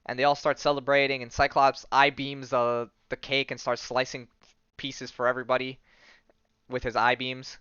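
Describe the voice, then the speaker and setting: A man's voice: mid-range voice, normal speed, clear, resonant tone, dry recording, dull audio. A man hosting a podcast, retelling a comic in a casual, jokey way with lots of fillers. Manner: animated, jokey storyteller with many fillers. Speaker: podcast host.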